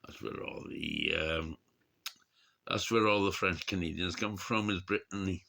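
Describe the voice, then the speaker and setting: A man's voice: low-pitched, normal speed, vocal fry, sharp tone. A man rambling through a late-night monologue, tired and drinking, swearing often and losing his words as he digresses. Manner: forgetful, searches for words aloud.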